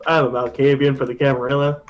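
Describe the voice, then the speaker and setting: A man's voice: mid-range voice, little pitch movement, fast talker, highs cut off. A man speaking as a player in a tabletop role-playing game, voicing his paranoid character in an offhand, matter-of-fact way.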